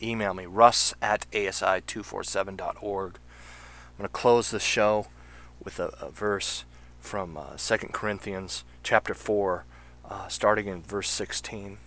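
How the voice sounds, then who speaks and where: A man's voice: fairly low pitch, a bit bright. Earnest man hosting a faith show. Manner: earnest, heartfelt, thinks aloud with fillers. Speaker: podcast host. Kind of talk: casual faith talk show.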